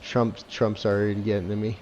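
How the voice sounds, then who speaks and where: A lowish, slightly mellow male voice speaks briskly in a flat delivery, with the highs cut off and faint music in the background. He's a gameplay reviewer whose casual commentary is sarcastic, profane and sprinkled with mocking laughs.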